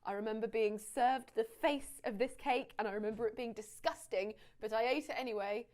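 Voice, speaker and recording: A woman's voice: a little high, brisk, a little mellow. English woman, chatty and wry, presenting a list video.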